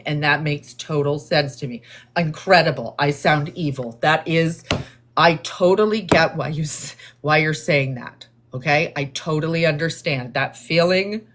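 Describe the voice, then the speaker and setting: Slow, deliberate woman livestreamer. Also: deep voice. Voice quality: measured tone heard as condescending. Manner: deliberate, therapist-like, calm and explanatory. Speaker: livestream host responding to chat. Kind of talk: slow, measured live-stream talk to viewers.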